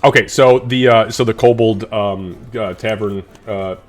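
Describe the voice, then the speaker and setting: A man's voice: on the low side, steady tone, measured pace. Rambling male game master. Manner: casual, rambling, many fillers. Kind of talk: narrating a tabletop game.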